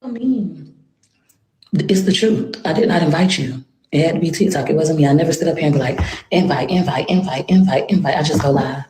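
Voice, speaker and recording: A woman's voice: sits low, brisk, darkish tone. A woman rambling on a livestream, venting her frustration with sighs. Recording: echoey room.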